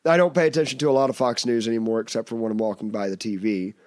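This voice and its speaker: A man's voice: medium pitch, fairly even intonation, racing, darkish tone. A man hosting a podcast in casual comedic chat, rambling and laughing often. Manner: rambling, laughs often, slips into mocking quoted voices. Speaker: podcast host.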